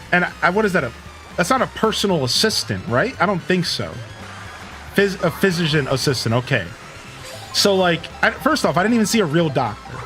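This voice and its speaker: Lively high-voiced male streamer. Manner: animated, rambling storyteller using lots of filler words. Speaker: livestreamer. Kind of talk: casual chat with stream viewers.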